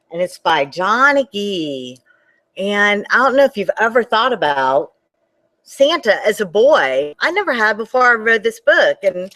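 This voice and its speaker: A woman librarian reading a picture book aloud to children, animated and talking to them directly. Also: fairly low pitch. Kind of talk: children's storytime read-aloud.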